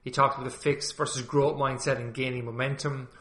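A man's voice: mid-range voice, flat delivery, a little fast, a bit bright. A man hosting a podcast, introducing his guest in a chatty, loose way with restarts and fillers. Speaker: podcast host. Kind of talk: casual interview intro. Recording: roomy echo with faint music, slightly dull.

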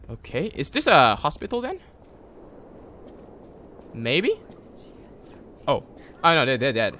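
A man giving casual gameplay commentary, excitable and jokey, talking to the game characters and yelling at sudden moments. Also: medium pitch, measured pace, long pauses. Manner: jokey, mock-sarcastic. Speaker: gameplay video creator.

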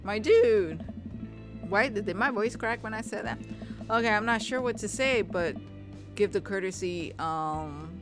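A young woman casually commenting on a video game as she reads its dialogue aloud, chatty and quick to react. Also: medium pitch, over music. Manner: chatty, reacts with laughs and exclamations. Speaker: let's play gamer.

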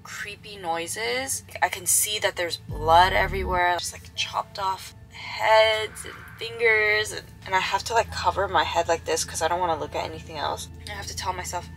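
A young adult woman chats straight to her viewers in a casual vlog, her voice bright and forward with a gravelly fry at the ends of phrases. She tells a story in an animated way, sometimes sinking to a hushed whisper for suspense. Faint music sits under her voice. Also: on the low side, normal speed, rough recording. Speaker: vlogger.

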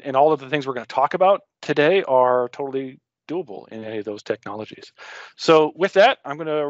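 A man presents to a user group over a video call, talking in a loose, rambling way and cracking jokes. His mid-pitched voice comes through dry and a little dull, like lo-fi online call audio. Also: no echo. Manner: rambling, self-interrupting, joking. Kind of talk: casual technical talk.

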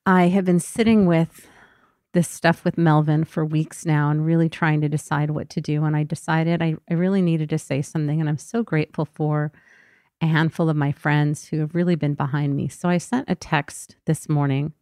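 A woman's voice: sits low, fairly even intonation, normal speed, a little mellow, dry recording, clean studio sound. A woman therapist hosting her podcast, talking candidly and vulnerably in a personal monologue. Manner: candid, vulnerable, emotionally raw.

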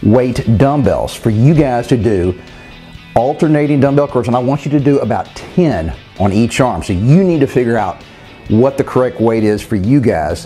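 A fitness coach with a mid-range, dark-toned voice leads a home workout, explaining each exercise straight to viewers. He calls them "guys" and counts the reps out loud as he coaches.

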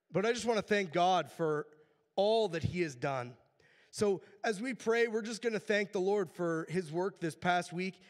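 Hoarse man in a reverberant church. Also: sits high. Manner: earnest and reverent. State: hoarse, voice worn out. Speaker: church leader. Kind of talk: church announcements and spoken prayer. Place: church sanctuary. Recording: long church-hall reverb.

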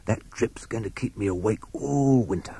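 A man's voice: fairly low pitch, normal speed, vocal fry, mellow, slightly rough, no echo. A man voicing a sly villainous male snake in a storybook, hissing and muttering. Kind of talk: storybook character voice.

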